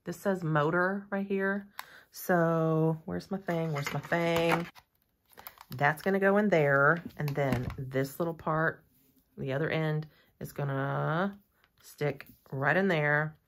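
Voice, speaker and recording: A woman's voice: deep voice, slow pace. A woman doing a casual unboxing review of nail gear, chatty and gushing, with rambling asides. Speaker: nail content creator reviewing a product.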